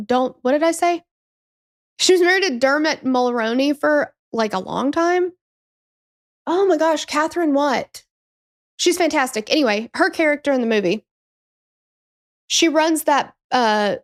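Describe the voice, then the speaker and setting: A woman in her thirties hosting a true crime podcast, telling the story in a chatty, digressive way, swearing and acting out quotes. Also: high-pitched. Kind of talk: casual storytelling chat.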